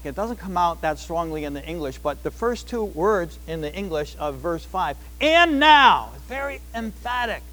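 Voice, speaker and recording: A man preaching a sermon, shifting between emphatic declarations and quieter asides. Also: very high-pitched. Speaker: pastor.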